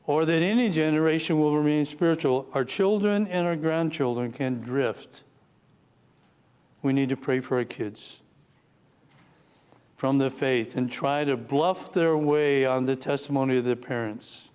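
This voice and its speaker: Male pastor teaching a church class, slightly high voice, earnest, slows for scripture and sinks quiet and grave. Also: smooth. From United States. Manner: earnest, reads scripture slowly, drops to a low somber tone. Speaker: pastor teaching Sunday school. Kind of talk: Bible teaching sermon.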